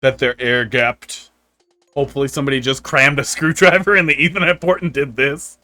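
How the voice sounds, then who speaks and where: A man's voice: mid-range voice, fairly even intonation, brisk, sharp tone, no echo. A man streaming a video game, chatting casually with viewers and telling rambling, profane tech stories with dry humor. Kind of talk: casual live-stream chat. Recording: faint music underneath.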